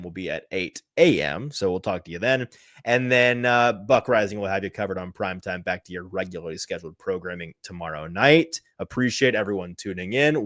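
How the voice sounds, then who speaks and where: Rambling low-voiced male podcast host. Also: no room sound, studio quality. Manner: rambling, self-deprecating, chuckling asides. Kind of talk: casual sports podcast chat.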